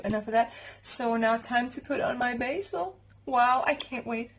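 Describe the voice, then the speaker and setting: German woman home cook vlogging in her kitchen, kinda high voice, excitable and chatty. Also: normal speed, low-quality recording. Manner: chatty and excitable, talks to viewers while cooking. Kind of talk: casual cooking vlog.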